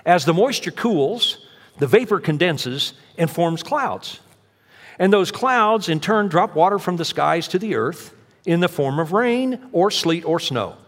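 A man preaching a sermon as pastor, telling stories in an animated way and acting out the voices he quotes. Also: high voice, a little slow. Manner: animated storytelling, acts out quotes. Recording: long hall reverb.

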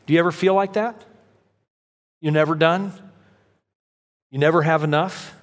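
Preacher guy, high voice, storytelling sermon, long echo like a church hall. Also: normal speed. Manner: animated storytelling, acts out quotes. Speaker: pastor.

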